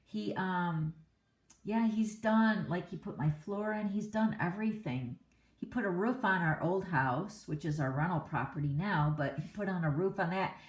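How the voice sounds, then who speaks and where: Speaking at a normal speed in a lowish voice, a middle-aged woman runs a card-making class during a live stream. The home craft room echoes as she rambles casually and laughs a lot.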